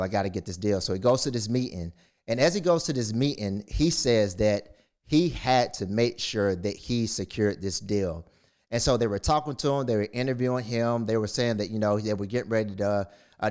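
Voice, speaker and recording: A man's voice: on the low side, a little mellow. A man speaking to camera as a motivational speaker, retelling a story in a casual, rambling way with many fillers and restarts. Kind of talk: casual monologue.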